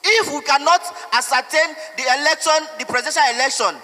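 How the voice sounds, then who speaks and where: A man's voice: extremely high pitch, a little fast, sharp tone. A young Nigerian man with a Nigerian accent, speaking out in an emotional, pleading and defiant street interview. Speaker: protester. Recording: echoey hall with long reverb.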